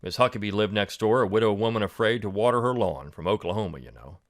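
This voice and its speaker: A man, hosting and reading a reflective poem before giving commentary in a measured way. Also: fairly low pitch. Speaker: host.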